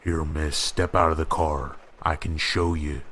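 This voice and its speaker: A creepy highway cop with a slow Midwestern drawl and a deep, low voice, as a man puts him on. He sounds strange and unlike the teller, politely menacing on a dark road in a horror story read over faint rain. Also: little pitch movement, slight background noise. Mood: eerily polite.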